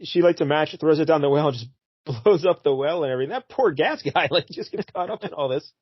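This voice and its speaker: A man's voice: a little high, lively intonation, quick pace, breathy edge, no echo, lo-fi sound. A man co-hosting a casual comic book talk, retelling the story and briefly acting out characters' lines. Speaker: podcast co-host.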